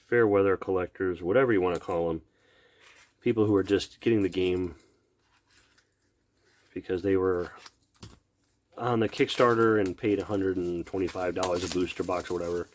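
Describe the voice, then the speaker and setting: Deep-voiced middle-aged guy doing a laid-back unboxing, mumbling names, trailing off, admiring stuff. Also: a little mellow. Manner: murmurs card names, admiring, trails off mid-sentence. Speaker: card collector opening packs. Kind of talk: casual unboxing commentary.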